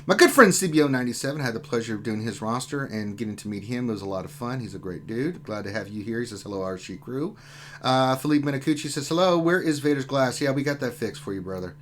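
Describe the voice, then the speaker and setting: A man's voice: mid-range voice, expressive, quick pace. Joking man hosting a live gaming stream. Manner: joking, banter-filled. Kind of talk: casual chat, reading out viewer comments.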